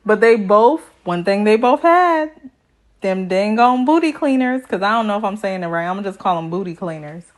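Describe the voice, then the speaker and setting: A woman's voice: mid-range voice, expressive, normal speed. A woman recapping a reality show in a sassy, chatty way, full of slang asides. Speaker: TV recap vlogger.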